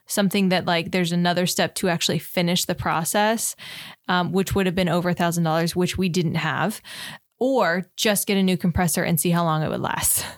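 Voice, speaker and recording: A woman's voice: on the low side, fairly even intonation, fairly quick, no echo, studio quality. A woman co-hosting a casual podcast with her husband, laughing often and explaining money choices in a practical way. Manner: laughs often, talks things through with practical reasoning. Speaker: podcast co-host. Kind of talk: casual chat.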